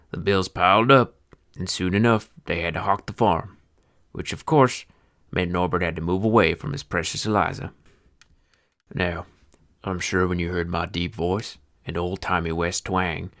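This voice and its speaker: An actor playing a bitter old horse-feed seller near seventy, who narrates in a deep voice with an old-timey Western twang and talks in a grumbling, sardonic, cursing folksy way. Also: male voice, fairly bright tone. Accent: old-timey Western American twang. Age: older. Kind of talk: film narration.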